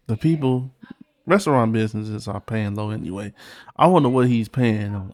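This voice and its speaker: A man hosting a casual reaction video, talking back bluntly to the clip he is watching. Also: mid-range voice.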